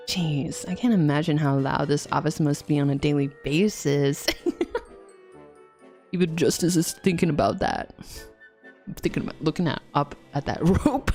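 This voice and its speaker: A woman's voice: low-pitched, a little mellow. A young woman streaming a game, giggling often and cracking crude jokes while reading the dialogue aloud.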